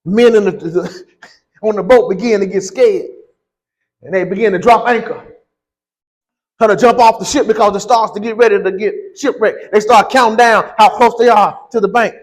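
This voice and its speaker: A man preaching a sermon, reading scripture and then building to slow, emphatic shouted lines. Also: sits high, steady tone, low-quality recording.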